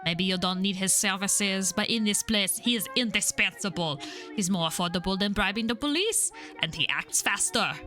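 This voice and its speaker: A woman's voice: mid-range voice, normal speed, bright, forceful tone, faint music behind, natural voice. A woman voicing a surly male East End pub barman in a put-on London accent, sneering and scornful.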